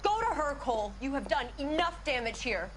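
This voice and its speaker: A furious wife in a video game, her voice very high and clipped as she accuses and dismisses her husband. Steady background noise sits behind the dialogue. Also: fairly quick. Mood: bitter, upset. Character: angry wife turning away her unfaithful husband. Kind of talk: game cutscene acting.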